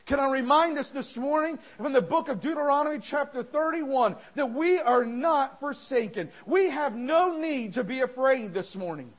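A man preaching a fervent sermon, often shouting with passion and addressing the congregation as friends. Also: very high-pitched, normal speed, slightly rough. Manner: impassioned, shouting, calls listeners friends.

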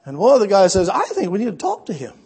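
A man preaching a sermon, animated, acting out quoted voices and swinging between shouts and hushed asides. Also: sits high, fast talker, gravelly, husky.

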